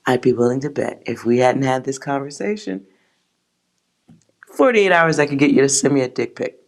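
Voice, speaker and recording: At a moderate pace and in a rumbling low voice, a tarot reader runs her livestream, chatting casually with viewers. Her talk comes out as brash, swearing, jokey rants.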